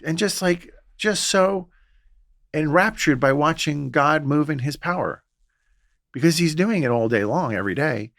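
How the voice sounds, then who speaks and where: A man, a Catholic priest, telling stories in a relaxed podcast conversation and acting out the voices he quotes. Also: on the high side, a little slow, dry recording, clean studio sound. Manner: storytelling, acts out quoted voices. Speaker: Catholic priest and exorcist guest.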